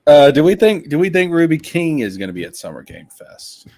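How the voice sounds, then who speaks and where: A man hosting a casual gaming chat, excitable, laughing and swearing often. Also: on the high side, fairly quick, no room sound. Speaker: host.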